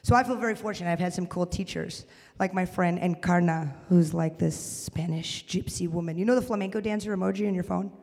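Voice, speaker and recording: A woman works a live crowd in a stand-up comedy set. Her delivery is animated, and she breaks into loud shouted bits for the punchlines. The sound is roomy, with a long reverb trailing behind her in the venue. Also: on the low side, fairly quick.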